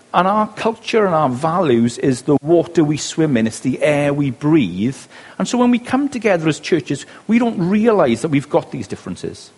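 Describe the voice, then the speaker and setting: A Welsh man in middle age delivers a sermon in a chatty, questioning way. His voice sits a little high for a man and swings widely in pitch. There is a slight husk to it. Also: darkish tone, husky. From West Wales. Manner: conversational, asks the listeners rhetorical questions. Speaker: preacher.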